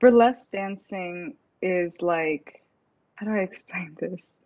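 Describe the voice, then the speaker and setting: A woman's voice: on the low side, slow pace, darkish tone, dry recording. Female podcast guest, giggly, rambling, dry and slightly dull audio. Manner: giggly, rambling with many fillers. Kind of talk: casual chat.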